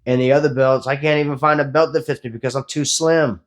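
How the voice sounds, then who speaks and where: This is a man in his forties with an average-pitched voice, delivering a blunt, profane motivational talk after a workout. He speaks as a fitness vlogger who coaches his viewers without sugarcoating anything. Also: fairly even intonation, fast talker. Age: 40s.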